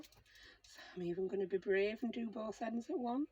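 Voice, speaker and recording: A woman's voice: on the high side, moderate pace, dark tone, slightly rough, lo-fi sound. A middle-aged woman, chatting to herself as she works on a craft project and explains each step. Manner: chatty, self-talking while working. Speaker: crafting channel host. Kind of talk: casual crafting commentary.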